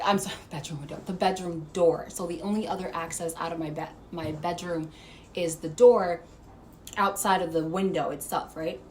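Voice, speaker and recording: A woman vlogger telling a story to camera, animated and profane, laughing as she goes. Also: lowish voice, a little hiss or hum. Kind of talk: casual storytime monologue.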